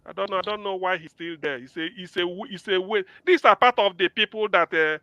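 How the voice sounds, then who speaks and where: A man's voice: sits high, brisk, bright, forceful tone, no echo, dull audio. A man giving heated, scornful political commentary as a panel guest, quoting sayings to make his point. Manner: scornful, emphatic, quotes sayings.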